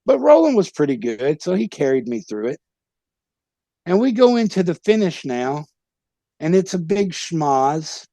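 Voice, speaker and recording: A man's voice: a little high, sing-song, measured pace, dark tone, no echo. A man, a former pro wrestler, telling rowdy, profane stories in a casual interview and laughing at his own pranks.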